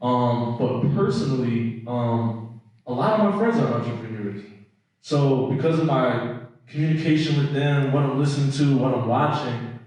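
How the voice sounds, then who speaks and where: A man's voice: medium pitch, moderate pace, a little mellow, far from the mic. A man on an industry panel giving students reflective advice, with fillers. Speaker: panelist, footwear professional. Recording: echoey hall, mic from afar.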